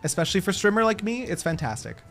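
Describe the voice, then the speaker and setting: A man streaming a game, chatting casually with his chat, animated, laughing often and swearing freely. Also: high-pitched, fast talker, faint music behind.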